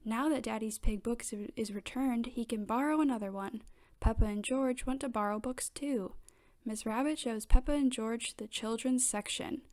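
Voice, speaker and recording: A woman reading a children's picture book aloud in steady, gentle narration. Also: on the high side, moderate pace. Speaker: storybook reader.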